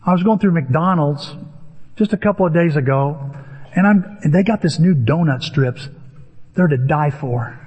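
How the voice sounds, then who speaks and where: An older man preaching a sermon as pastor, telling stories in an animated way and acting out the voices of people in them. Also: a little high, moderate pace, slightly rough, big-room sound. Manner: animated storytelling with acted-out voices.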